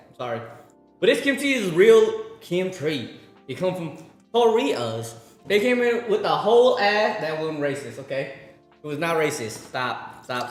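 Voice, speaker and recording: A man streaming and chatting casually, rambling, swearing and laughing as he tells stories. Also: a little high. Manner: rambling, profane, laughing storyteller. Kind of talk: casual livestream chat. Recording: roomy room with faint music.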